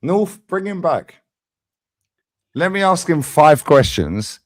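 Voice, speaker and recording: Lively bantering man hosting. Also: a little high, takes it slowly, no room sound. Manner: loud, bantering, swearing, laughs often. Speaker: livestream host. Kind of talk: heated livestream fan debate.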